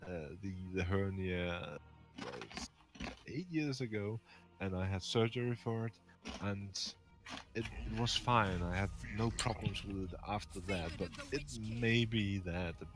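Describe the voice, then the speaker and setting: A man co-hosting a casual chat, wordy and hedging, who breaks into loud laughter. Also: on the low side, expressive, measured pace, over music. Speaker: podcast co-host.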